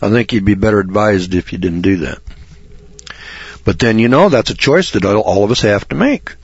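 A man preaching a fire-and-brimstone sermon, blunt, sarcastic and rambling, reading scripture slowly. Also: lowish voice, lively intonation, husky, no echo, highs cut off. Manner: reads scripture slowly and deliberately.

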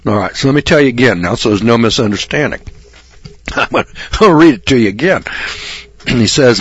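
A man preaching a fire-and-brimstone sermon, blunt, sarcastic and rambling, reading scripture slowly. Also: mid-range voice, expressive, slightly rough, no echo, lo-fi sound. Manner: reads scripture slowly and deliberately.

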